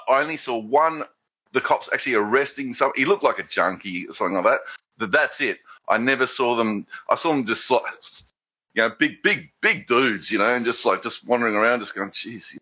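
Man, rambling casual chat, bright tense voice, muffled lo-fi sound. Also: medium pitch. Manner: rambling and chatty, with stumbling restarts. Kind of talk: casual chat on a call-in show.

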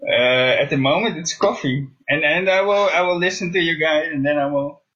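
A man from the Netherlands with a Dutch accent, calling in to chat in a halting way, full of pauses and fillers. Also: a little high, fairly bright tone, dull audio. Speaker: caller. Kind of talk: casual chat on a call-in show.

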